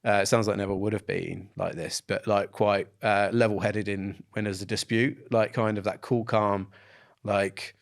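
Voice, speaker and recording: A man co-hosting a casual podcast, talking in a relaxed way with many fillers and easy laughter. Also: lowish voice, moderate pace, gravelly. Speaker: podcast co-host. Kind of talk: casual conversation.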